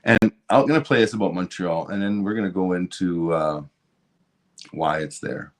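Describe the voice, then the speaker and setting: A man hosts a stream and rants about politics, heated and swearing, repeating himself and restarting a lot. His voice is low-pitched and his pace is normal.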